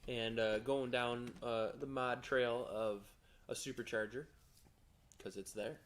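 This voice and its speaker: A man co-hosting a casual car podcast, explaining in halting phrases with many fillers. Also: mid-range voice, fairly even intonation. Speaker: podcast co-host. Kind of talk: casual shop-talk podcast.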